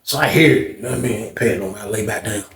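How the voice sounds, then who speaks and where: A man telling a story in a casual vlog, slangy and animated, with lots of fillers and cursing. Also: lowish voice, very fast, vocal fry. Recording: roomy echoey room.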